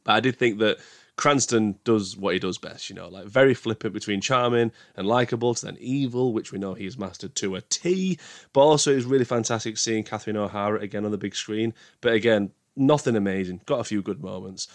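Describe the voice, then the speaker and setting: Low-voiced man ranting a film review. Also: brisk, dry recording. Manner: emphatic, with bursts of exasperated outrage. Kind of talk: casual spoken film review.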